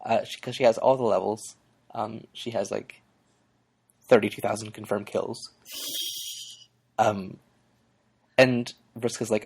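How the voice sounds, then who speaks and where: Gravelly, husky co-host with hesitant delivery. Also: medium pitch, steady tone, measured pace, pauses often, a little mellow. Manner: hesitant, many ums and uhs. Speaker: podcast co-host. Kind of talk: casual chat about a webcomic.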